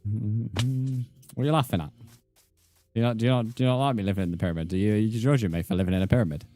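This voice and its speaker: A man's voice: on the low side, rapid-fire, mellow, soft background music. A young man streaming a game live, chatting bluntly and swearing as he bants with viewers. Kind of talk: live stream chat while gaming.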